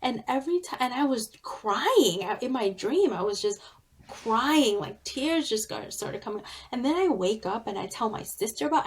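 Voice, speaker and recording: A woman author and therapist being interviewed, sharing a heartfelt personal story in an earnest, deliberate way. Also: on the high side, lively intonation, husky.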